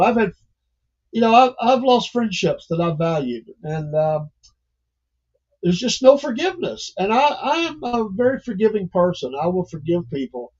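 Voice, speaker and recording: A man's voice: high-pitched, darkish tone, husky, highs cut off. An older man hosting a livestream, talking in a rambling, folksy way and chuckling often. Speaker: livestream host. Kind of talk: casual livestream monologue.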